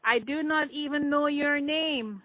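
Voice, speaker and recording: A woman voicing a reserved young woman who answers quietly and briefly. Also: high voice, unhurried, no echo. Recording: tinny phone-like dry sound.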